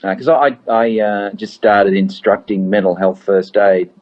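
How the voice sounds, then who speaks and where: A middle-aged Australian man talks in an easygoing, storytelling way, often breaking into laughter. His voice sits on the low side. The recording sounds a little dull and lo-fi. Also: steady tone, moderate pace. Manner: laid-back storytelling with frequent laughs and acted quotes. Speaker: comedian guest. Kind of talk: casual chat.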